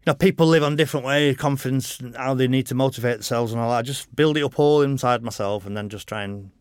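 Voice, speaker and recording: Speaking fast in a clear, resonant, medium-pitched voice, the middle-aged racer guest tells rambling, frank stories on a casual podcast. He drops "you know" constantly and swears freely. The recording is dry and close, no echo.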